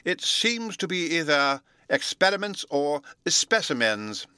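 A man's voice: on the high side, big pitch swings, sharp tone, smooth, no room sound, pitched above the performer's own voice, heavily acted. A man doing a pompous old storybook professor. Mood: pompous lecturing. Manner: slow, pompous lecturing delivery. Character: fussy absent-minded old male professor lecturing. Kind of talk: storybook reading.

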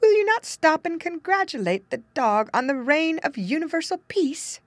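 A clever rooster from a fable, as a woman reader puts him on, sounding innocent while he teases. The voice is high and moves about a lot. It is recorded close and dry. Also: big pitch swings, normal speed, no room sound. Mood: teasing. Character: wary, wily male rooster. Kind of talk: storybook reading.

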